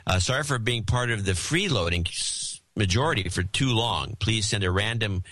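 Guy on a podcast reading donor letters, bright punchy voice, dry close mic, jokey. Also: fairly low pitch, animated, normal speed, dry recording. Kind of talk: casual banter, reading letters aloud.

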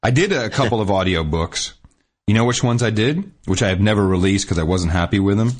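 Male podcast co-host, lowish voice, loose rambling talker who restarts sentences. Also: a little fast. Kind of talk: casual chat.

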